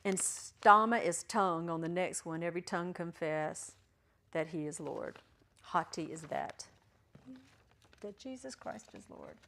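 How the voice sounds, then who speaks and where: A woman's voice: lowish voice, animated, measured pace, fairly bright tone. A woman teaching a Greek class in a classroom, chatty and encouraging, joking with her students. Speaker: Greek teacher at a ministry school. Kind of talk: classroom lecture.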